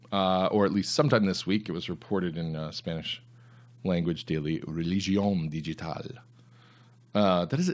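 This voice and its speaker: A man hosting a solo commentary podcast, reading items aloud and answering them with sarcastic, mocking asides. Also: deep voice. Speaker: podcast host.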